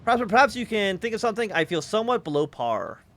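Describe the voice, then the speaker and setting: A man's voice: high voice, big pitch swings, fast talker, a bit bright, dry recording, heavily acted. A man reading as a rapturous cyborg airship captain. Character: cyborg woman airship captain, proud, ecstatic.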